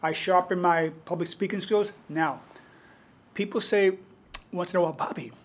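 A man from the Bronx with a New York accent, a guest poet telling stories in an unhurried, reflective way during an interview. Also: high-pitched, fairly even intonation. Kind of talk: conversational interview storytelling.

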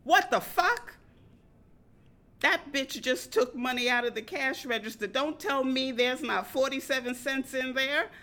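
A woman shouting as a foul-mouthed stingy inner voice. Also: high-pitched, measured pace, voice pushed up. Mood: furious. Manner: shouting, cursing.

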